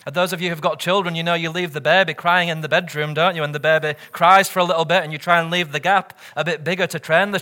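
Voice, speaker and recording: Bright-voiced male pastor preaching. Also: on the high side. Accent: British or Commonwealth English. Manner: earnest, asks the congregation rhetorical questions. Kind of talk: sermon.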